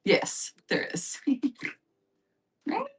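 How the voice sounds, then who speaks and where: A woman's voice: fairly low pitch, expressive, normal speed, bright, forceful tone, distant mic. A woman hosting a live craft-supply sale, chatting casually and upbeat with viewers. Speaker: live shopping host. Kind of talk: casual live-stream sales chat.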